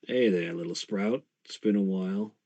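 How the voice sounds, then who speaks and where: A man voicing a shady, roguish male ghost uncle in a tabletop game, with a wry, gruff drawl. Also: deep voice, normal speed, dark tone, muffled recording, slight background noise, pitched below the performer's own voice.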